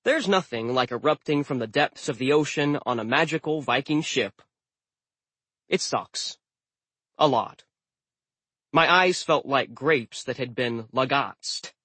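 A man's voice: mid-range voice, lively intonation, unhurried, pauses often, sharp tone, slightly rough, dry recording. A man narrating a story in the first person with a dry, wry manner. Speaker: audiobook narrator.

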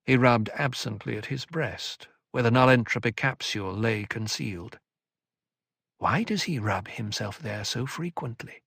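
A man reading an audiobook with scripted narration, in an even, deliberate way. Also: medium pitch, creaky, breathy edge, dry recording, clean studio sound.

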